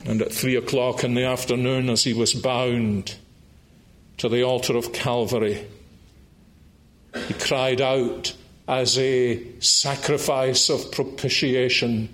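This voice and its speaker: A man preaching a sermon, slow and emphatic, with dramatic pauses and high, excited climaxes.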